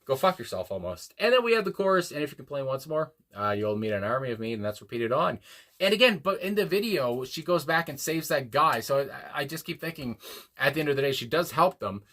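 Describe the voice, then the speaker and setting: A man's voice: on the high side, big pitch swings, a little fast, fairly bright tone. A young man hosting a music reaction video, talking casually and rambling with lots of fillers and restarts. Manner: rambling, frequent fillers and restarts, chuckles often. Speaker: music reaction channel host.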